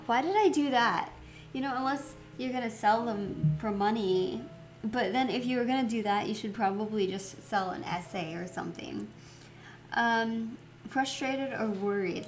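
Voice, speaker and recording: A woman chatting casually as she plays through a story game, reflective and quick to laugh. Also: a little high, faint music behind. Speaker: let's play host.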